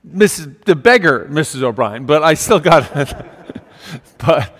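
A man's voice: on the high side, sing-song, unhurried, fairly bright tone, breathy edge, big-room sound. An older man preaching a storytelling homily in a folksy way, with fillers and asides.

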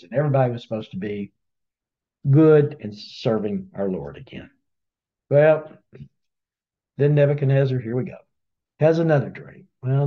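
A man retelling a Bible story in a casual webinar, as an animated storyteller who acts out the voices, on dull lo-fi audio. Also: medium pitch. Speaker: Bible study teacher.

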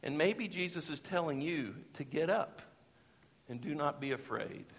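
A man delivers a sermon with a fairly high, earnest voice, pressing hard on key phrases and slowing for scripture. His voice rings with the long reverb of a church sanctuary. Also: lively intonation, slightly rough. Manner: earnest, rises in intensity on emphatic phrases, slows for quotes. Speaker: pastor.

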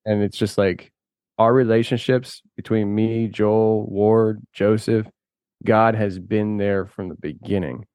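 A man with a lowish voice talks in a loose, rambling way. He laughs often and restarts his sentences as he chats. The sound is dry and close, with no room echo. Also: fairly even intonation, a little slow, smooth, highs cut off. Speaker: podcast host and filmmaker guest. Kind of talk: casual conversation.

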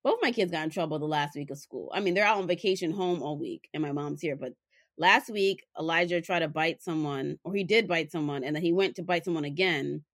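A woman's voice: deep voice, brisk, fairly bright tone, no echo, studio quality. A young woman co-hosting a podcast in casual chat, animatedly telling stories and acting out her children's voices. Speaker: podcast co-host.

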